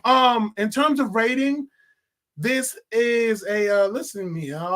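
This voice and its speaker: High-voiced man ranting about a movie. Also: a little slow. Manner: animated, swearing, laughing often. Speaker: film reviewer. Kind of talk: casual movie review vlog.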